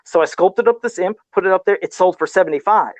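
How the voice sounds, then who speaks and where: A man's voice: high-pitched, fast talker, dry recording. Rambling self-deprecating man guest. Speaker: guest, custom figure sculptor. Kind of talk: casual podcast chat.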